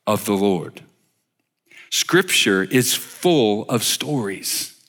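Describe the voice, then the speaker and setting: A man preaching a sermon slowly and emphatically, asking his listeners rhetorical questions. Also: medium pitch, a bit bright, big-room sound. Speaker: worship leader giving a short sermon. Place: church sanctuary.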